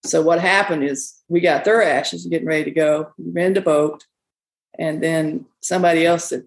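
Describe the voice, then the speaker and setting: Bar owner, woman, gravelly voice, loose folksy storyteller. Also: sits low, fairly even intonation, moderate pace, low-quality recording. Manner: rambling, folksy, quotes people often. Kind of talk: casual storytelling interview.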